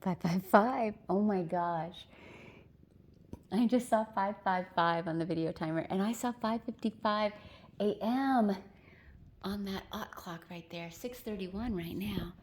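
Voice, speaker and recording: While cat sitting, a woman films a casual vlog at home indoors, speaking to a kitten at a measured pace in sweet, high-pitched baby talk.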